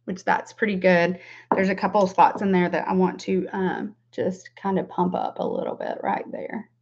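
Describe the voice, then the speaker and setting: A woman's voice: fairly low pitch, fairly even intonation, normal speed, gravelly, a little mellow. A woman in her forties with a Southern US accent, giving a casual livestream makeup tutorial. She chats with viewers by name and laughs often. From Southern United States. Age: 40s. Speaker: makeup vlogger. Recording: dull lo-fi livestream audio.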